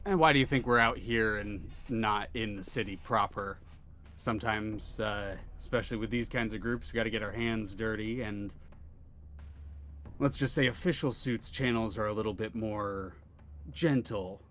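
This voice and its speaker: A man's voice: fairly low pitch, moderate pace, fairly bright tone, a little hiss or hum, pitched below the performer's own voice, natural voice. A man voicing a blunt, seasoned vigilante with a dry delivery in a tabletop game.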